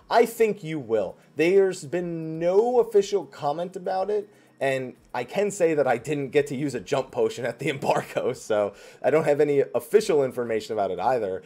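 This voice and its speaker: A New Jersey man hosts a weekly Q&A, casually chatting his way through viewer questions in a mellow, medium-pitched voice.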